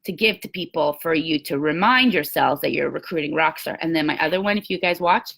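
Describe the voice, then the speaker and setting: A woman's voice: sits low, a little fast, gravelly, fairly bright tone, breathy edge. A woman giving an emphatic, blunt motivational talk to a sales team, with some mild swearing. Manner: emphatic, blunt, mildly profane pep talk.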